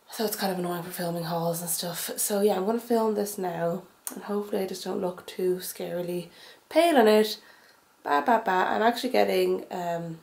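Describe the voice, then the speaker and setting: A woman's voice: mid-range voice, creaky, a little mellow, low-quality recording. A young woman in her twenties, filming a casual vlog at home in a dim room, rambling and self-deprecating. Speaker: vlogger.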